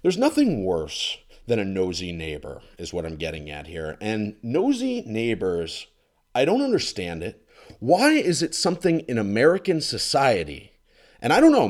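Exasperated man ranting with lively pitch. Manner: exasperated, sarcastic, swings between loud outbursts and muttered asides. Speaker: ranting commentator. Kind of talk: comedic solo rant. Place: condo.

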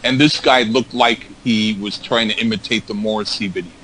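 A man's voice: on the low side, steady tone, normal speed, a bit bright, a little hiss or hum, rough recording. Rambling, stammering man telling stories. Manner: rambling, stammering repetitions, acts out quotes. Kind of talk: casual chat, anecdote telling.

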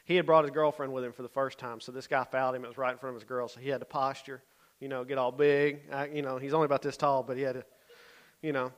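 A man's voice: mid-range voice, level tone, fast talker. A man, a youth pastor telling a story in a sermon, conversational and often checking in with his listeners.

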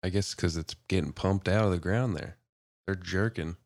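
A man with a low, deep voice who chats in a relaxed way on a podcast and laughs easily. The recording is dry, with little room sound. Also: normal speed, no echo. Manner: laid-back, laughs often. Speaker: podcast co-host. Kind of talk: casual chat.

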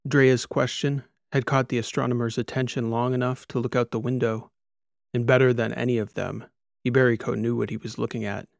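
A man narrating a science fiction audiobook in a steady, storytelling manner. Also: medium pitch, brisk, creaky, no echo, clean studio sound. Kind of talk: scripted narration.

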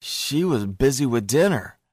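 A man's voice: medium pitch, expressive, measured pace, darkish tone, dry recording, studio quality. A man voicing a tense male ex-Marine who gives hesitant, guarded answers under interrogation.

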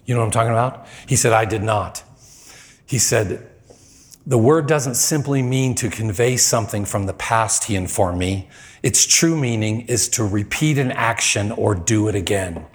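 A man preaching, telling a personal story with lively acted-out quotes. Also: lowish voice. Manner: animated storyteller, acts out quoted lines. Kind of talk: sermon storytelling.

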